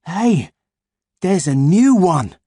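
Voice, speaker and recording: Guy doing a loud whiny schoolboy in an audiobook, high and pushy, dry close mic. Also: lively intonation, normal speed, no room sound. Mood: whiny, excited. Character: brash excitable schoolboy.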